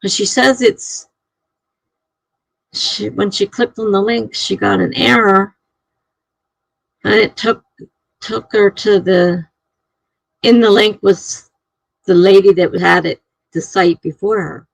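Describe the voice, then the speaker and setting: Woman live streamer, husky, dry close sound, casual rambling chat. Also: medium pitch, fairly even intonation, takes it slowly, pauses often, dry recording, low-quality recording. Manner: rambling, chuckling, chatty. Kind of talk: casual chat reading viewer comments.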